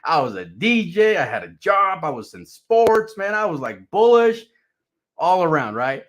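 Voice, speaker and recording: A man's voice: sits high, normal speed. A man telling a personal story casually, loose and profane, tagging sentences with "right?". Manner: profane, animated, rhetorical "right?" tags. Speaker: channel host telling his back story.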